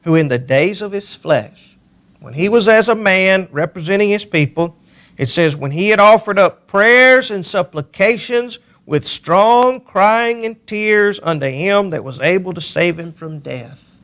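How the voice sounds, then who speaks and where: A male pastor preaching a sermon, reading scripture aloud and pressing key words with slow emphasis. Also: high voice, fairly bright tone. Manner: reads scripture aloud in King James wording.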